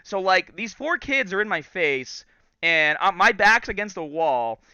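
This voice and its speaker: A man in his thirties hosting a podcast, telling a story casually and in an animated way, acting out the quotes. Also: sits high, measured pace, clean tone, no echo, dull audio. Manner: animated storyteller, acts out quotes and laughs often. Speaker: podcast host.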